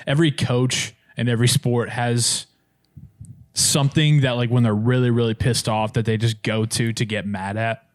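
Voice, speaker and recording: A young man co-hosting a loose comedy podcast, trading sports stories with a friend. His voice sits in an ordinary middle pitch, and he jokes as he talks. The sound is dry and close to the mic. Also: fairly even intonation, normal speed, no room sound. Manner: joking, acts out angry coaches in raised voice. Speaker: podcast co-host. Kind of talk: casual chat.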